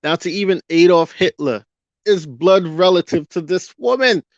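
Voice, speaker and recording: Man vlogger, slightly high voice, hot-headed rant full of rhetorical questions; dull lo-fi, dry sound. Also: lively intonation, no echo. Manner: fiery, rhetorical questions, drawn-out emphasis. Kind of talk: ranting commentary monologue.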